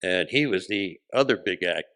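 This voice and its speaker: A man in his sixties, a comedian guest, telling stories in casual chat with a punchy, profane delivery and quick character voices when he quotes people. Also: low-pitched, expressive, pushed and bright, dry recording, studio quality.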